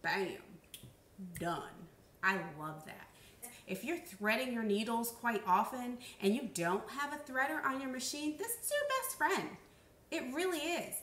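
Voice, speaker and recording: A woman's voice: on the high side, big pitch swings, a little slow, fairly bright tone, echoey room, distant mic. A woman hosting a casual sewing product review vlog in a chatty, jokey way, speaking to viewers as her friends.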